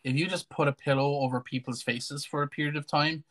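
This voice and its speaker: A man's voice: a little high, steady tone, brisk, fairly bright tone. Crude, rambling Irish man. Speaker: co-host. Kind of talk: casual livestream chat.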